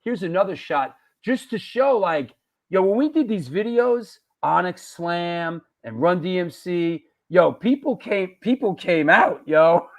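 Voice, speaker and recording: A man with a high voice chats animatedly, swearing and dropping street slang. He talks about past shoots in a loose, excited way. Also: measured pace. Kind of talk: casual chat on a livestream.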